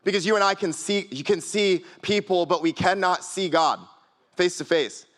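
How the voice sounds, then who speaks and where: A young man with a fairly high voice, preaching to a youth group. He talks casually and loosely, piling up repeated phrases and fillers as he builds his points. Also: normal speed, fairly bright tone. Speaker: youth pastor. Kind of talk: sermon.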